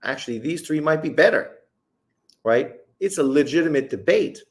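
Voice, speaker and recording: A man's voice: a little high, animated, normal speed. A man from Canada hosting a casual live stream, talking bluntly and profanely while giving opinions and reading out viewer comments. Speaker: host.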